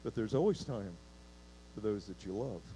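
A man's voice: on the low side, lively intonation, moderate pace, dark tone, a little hiss or hum, rough recording. A man preaching a sermon in church, restarting words and putting questions to the congregation. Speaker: pastor.

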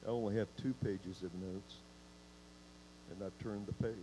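A man's voice: on the low side, fairly even intonation, moderate pace, noisy background. A man preaching a sermon in church, restarting words and putting questions to the congregation. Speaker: pastor.

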